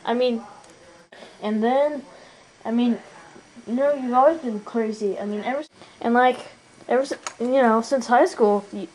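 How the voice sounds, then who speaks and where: A woman in improvised toy role-play, teasing in a rambling, halting way with many restarts. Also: fairly high pitch, darkish tone, a little hiss or hum, rough recording. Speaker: toy puppeteer and co-player.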